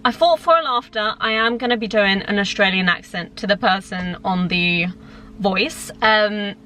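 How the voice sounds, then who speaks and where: A woman's voice: medium pitch, normal speed, bright, forceful tone. A woman in her twenties, an influencer chatting casually and self-mockingly to her viewers from inside her car. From United Kingdom. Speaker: lifestyle influencer. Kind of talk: casual chat to camera. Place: inside a car at a drive-thru.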